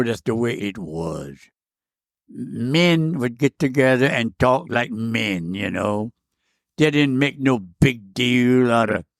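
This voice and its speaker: A man's voice: medium pitch, dry recording, studio quality. A man, telling old stories as a podcast guest, rambling and repeating words as he goes. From South Louisiana. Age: 90s. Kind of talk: casual storytelling interview.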